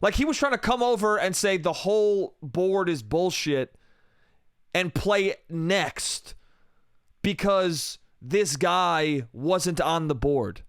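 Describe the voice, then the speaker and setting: A man hosting a comedy podcast, telling a story in an animated, heavily profane rant. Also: high-pitched, takes it slowly, clear, resonant tone, no room sound, studio quality. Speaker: podcast host.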